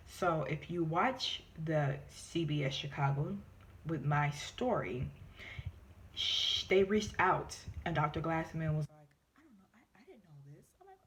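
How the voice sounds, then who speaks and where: A woman talking casually to camera, telling a story in an animated way and acting out quoted people. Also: slight background noise. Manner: animated, acts out quoted voices in high pitch. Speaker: vlogger.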